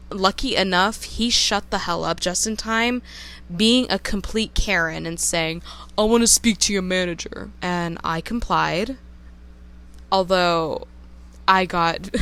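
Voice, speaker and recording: A woman's voice: lowish voice, a bit bright, smooth. A young woman telling a personal story in a casual vlog monologue, candid, emotional and openly profane. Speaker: storytime vlogger.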